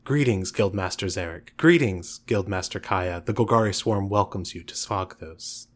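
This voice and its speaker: Man voicing a hushed female zombie. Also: low voice, normal speed, voice pushed down. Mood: formal. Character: solemn female zombie guide.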